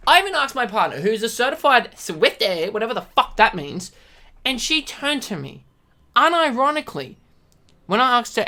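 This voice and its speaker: A woman streamer with a slightly high, sing-song voice and a sharp edge rants aggressively at normal speed. She swears a lot and keeps breaking into exasperated outbursts in this profane commentary.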